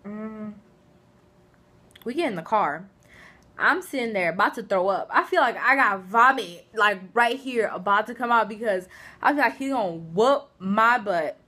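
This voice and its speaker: In a mid-range voice at normal speed, a woman tells the camera funny things that happened to her. The vlogger is chatty, animated and giggles as she casually tells her stories.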